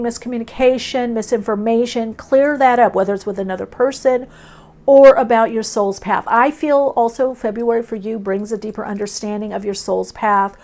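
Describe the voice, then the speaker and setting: Woman doing a tarot reading, kinda gravelly, dreamy short phrases. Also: mid-range voice, warm tone. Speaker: tarot reader. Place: indoors, off camera.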